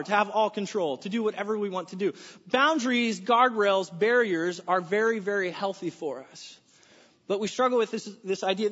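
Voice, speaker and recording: An American pastor delivers a lively, conversational sermon with a fairly high voice. His words ring out in a large church sanctuary with a long reverb tail, and the recording sounds dull and muffled. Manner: energetic, conversational preaching with folksy asides.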